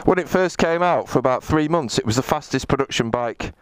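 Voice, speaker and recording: A man's voice: expressive, fairly quick, dry recording. A man riding a motorbike on a city ring road, chatting in a comic, sweary way into a helmet mic with wind and traffic behind. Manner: chatty, sweary, comic, big swings in pitch. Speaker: motovlogger. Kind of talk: casual vlog commentary while riding.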